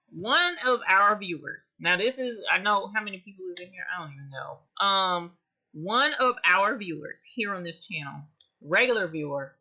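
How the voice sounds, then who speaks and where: On a casual livestream for her embroidery channel, a woman chats expressively with viewers and greets them by name. Her voice sits on the low side, bright and forceful.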